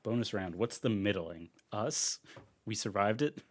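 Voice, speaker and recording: A young man in his twenties talks loosely as a podcast co-host. His voice sits on the low side, and he speaks in a relaxed, chatty way with plenty of fillers. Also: measured pace. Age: 20s. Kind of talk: casual chat.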